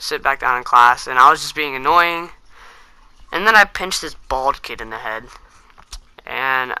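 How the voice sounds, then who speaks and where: A man's voice: medium pitch, pushed and bright, clean tone, no room sound. A teenage boy telling a story to camera in a rambling, self-mocking way, full of fillers. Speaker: vlogger.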